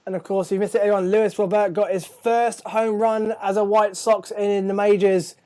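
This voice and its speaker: A man's voice: high-pitched, flat delivery, normal speed, a little mellow. A man hosting a live baseball chat show, tired and chatty, often stumbling over his words. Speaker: host.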